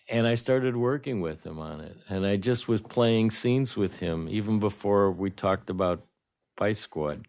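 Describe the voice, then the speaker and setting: A man, a guest film director, telling anecdotes in a lively way and acting out the lines of the people in them. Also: sits low. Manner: animated storyteller, acts out dialogue. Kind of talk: anecdotal storytelling.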